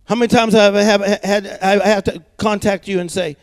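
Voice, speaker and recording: High-voiced man preaching with rhythmic repetition. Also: fairly even intonation, fairly quick, few pauses, dry recording. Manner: emphatic, rhythmic repetition of words; storytelling with punchy asides and call-and-response. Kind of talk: energetic sermon.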